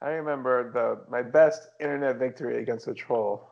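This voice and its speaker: A man telling a story in a relaxed, wry conversational way. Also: medium pitch, normal speed, vocal fry. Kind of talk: casual conversation. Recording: dull lo-fi audio.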